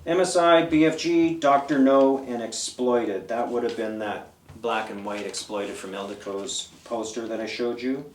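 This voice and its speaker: A man's voice: mid-range voice, unhurried, hardly any pauses, far from the mic, slight background noise. A man in his fifties, a guest in an interview, telling loose, rambling stories and listing old band names. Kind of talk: casual storytelling. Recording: roomy, away from the mic.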